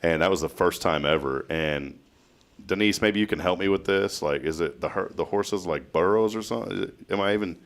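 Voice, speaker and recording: A man's voice: low-pitched, fairly quick. A man hosting a casual morning talk show, telling stories and laughing often. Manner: chatty storyteller, laughs often. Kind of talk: casual chat.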